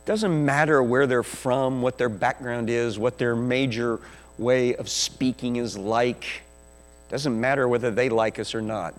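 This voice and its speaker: Slow-preaching pastor in an echoey hall. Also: male voice, medium pitch, steady tone. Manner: slow, emphatic preaching that drops to a quiet prayer. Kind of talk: sermon. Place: church sanctuary. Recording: echoey church hall with mains hum.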